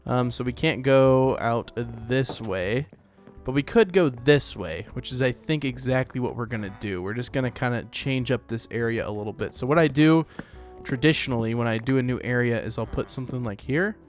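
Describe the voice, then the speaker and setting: A man's voice: mid-range voice, normal speed, soft background music. A man hosting a let's play, rambling casually as he plays, with lots of fillers. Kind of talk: casual gameplay commentary.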